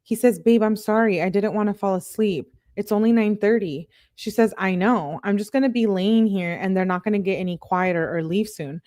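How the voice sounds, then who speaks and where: A woman's voice: mid-range voice, normal speed, few pauses, darkish tone, no room sound, studio quality. A young woman reading text messages aloud as a true crime commentator, with casual chatty asides.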